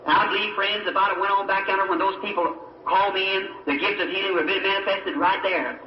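Male preacher, high voice, fervent testimony sermon; distant muffled archival recording with faint hiss. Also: fairly even intonation, fast. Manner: fervent storytelling, asks the congregation for agreement. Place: church or meeting hall. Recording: old echoey hall recording from afar, dull with faint hiss.

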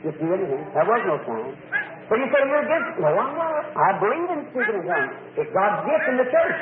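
A man's voice: high-pitched, very animated, quick pace, reverberant, a loud crowd. A man preaching a sermon to a congregation, folksy and emphatic, with many repetitions and asides. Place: church. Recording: tinny lo-fi old church tape. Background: congregation responses.

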